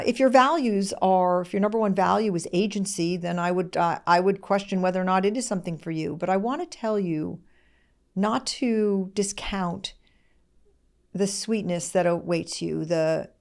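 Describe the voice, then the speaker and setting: A middle-aged woman hosting a podcast, talking fast, candid and expressive, close to tears as she speaks. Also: medium pitch. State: tearful, close to crying. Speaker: podcast host. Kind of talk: conversational podcast talk.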